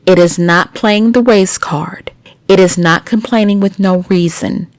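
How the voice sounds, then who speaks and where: A woman's voice: medium pitch, measured pace, dry recording. A woman hosting a news commentary podcast, reading stories and breaking in with blunt, indignant asides to her listeners. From United States. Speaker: podcast host.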